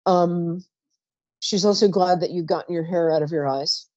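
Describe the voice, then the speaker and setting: A woman's voice: lowish voice, moderate pace, dry recording. Woman, psychic radio host, chatty, trails off, dull dry lo-fi sound. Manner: chatty, warm-toned asides, trails off mid-sentence. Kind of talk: live call-in psychic reading.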